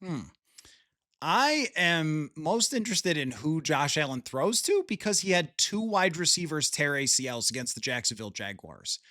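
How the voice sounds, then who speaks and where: A man's voice: fairly high pitch, big pitch swings, moderate pace, bright, forceful tone, dry recording, studio quality. A man hosting a casual sports podcast, talking chattily with frequent laughs and restarts.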